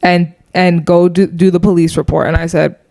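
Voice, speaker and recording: A young woman from Canada co-hosting a casual podcast chat, telling animated stories and acting out quotes with frequent laughter. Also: on the low side, normal speed. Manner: animated storytelling, acts out quotes, laughs often. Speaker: podcast co-host.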